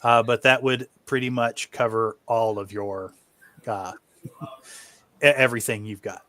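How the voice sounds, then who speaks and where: A man's voice: mid-range voice, fairly even intonation, unhurried, pushed and bright. A man narrating as game master for an online tabletop game in a laid-back, easygoing way. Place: home setup, online stream.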